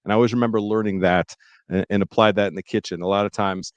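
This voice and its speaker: Smooth-voiced male podcast host. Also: fairly low pitch, steady tone, fast talker, dry recording, lo-fi sound. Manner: reflective, storytelling, enthusiastic. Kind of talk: casual chat.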